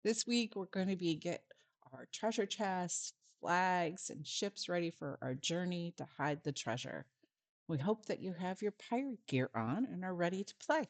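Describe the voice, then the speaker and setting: A woman's voice: on the low side, expressive, measured pace, no room sound. A woman volunteer giving a friendly step-by-step craft lesson for parents and children, with some fillers.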